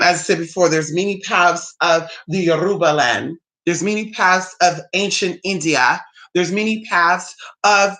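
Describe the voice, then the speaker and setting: Sassy blunt American vlogger, bright voice. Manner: mocking, with big pitch jumps. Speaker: spiritual YouTuber. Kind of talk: casual opinion monologue.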